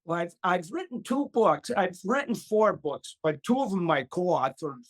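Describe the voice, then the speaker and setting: An older man tells a travel story as an interview guest. He is animated, acts out the other voices and laughs often as he goes. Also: sits high, a little slow. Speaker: gardening expert guest.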